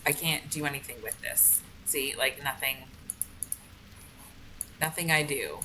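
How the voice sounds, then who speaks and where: A woman's voice: extremely low pitch, measured pace, bright, forceful tone, a little hiss or hum, rough recording. A woman streaming a game with casual commentary, frustrated and swearing, with many "like" fillers. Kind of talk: casual let's-play commentary.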